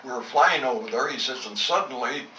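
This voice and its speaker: This older former fighter pilot speaks in a mid-range voice, a little fast, bright and forceful. His war reminiscence is blunt and salty, with both sides of old conversations acted out, captured from a distance on a roomy, dull home tape with a little hiss or hum.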